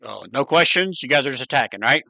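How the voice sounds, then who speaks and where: Bright dry-voiced male game master. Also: medium pitch, fast talker, vocal fry, dry recording. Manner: relaxed, explaining rules. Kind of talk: running a tabletop game.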